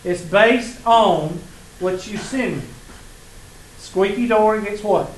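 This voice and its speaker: In an echoey classroom with faint room noise, a Southern-accented math instructor delivers a casual college lecture. His voice sits high and his pace is slow as he chats and tells his students sarcastic, joking stories.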